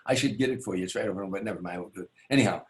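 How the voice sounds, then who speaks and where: A man's voice: sits low, racing. A man, a stand-up comedian, telling a long show-business anecdote as an interview guest. He rambles, restarts his sentences and acts out the people in the story. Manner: rambling, with many restarts and asides.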